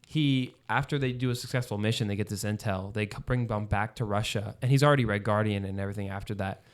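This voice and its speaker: Low-voiced man rambling on a podcast. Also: fast talker. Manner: rambling, lots of fillers and restarts. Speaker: podcast co-host. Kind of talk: casual chat.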